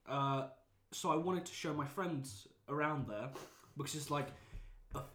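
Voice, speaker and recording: A young man from Poland telling a story in casual chat, animated, laughing often and swearing freely. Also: a little high, a little slow. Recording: echoey room, faint noise.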